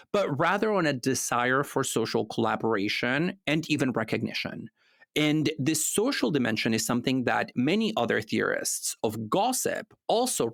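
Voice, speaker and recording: A man's voice: medium pitch, creaky, fairly bright tone, dry recording, clean studio sound. A man co-hosting a casual philosophy podcast, explaining ideas at length and laughing easily. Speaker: podcast co-host.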